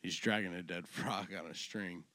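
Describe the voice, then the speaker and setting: A low-voiced man hosting a relaxed podcast, telling crude jokes and laughing easily. His talk is loose and unpolished. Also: moderate pace, dry recording. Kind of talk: casual chat and joke telling.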